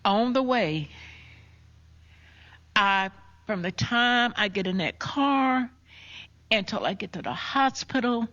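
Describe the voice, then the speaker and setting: Older woman softly telling a painful story. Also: on the high side, expressive. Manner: slow, emotional retelling with soft hushed quotes. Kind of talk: personal storytelling. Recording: dull lo-fi recording.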